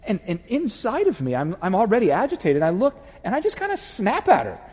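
A man preaching a sermon as pastor, telling a personal story in an animated way and acting out the voices in it. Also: high voice, fairly quick, breathy edge, long reverb tail.

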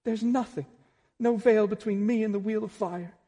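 A man's voice: fairly even intonation, moderate pace, dark tone, husky. A man doing a despairing, anguished hobbit. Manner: anguished, strained and high. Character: despairing exhausted young male hobbit. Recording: long reverb in a large hall.

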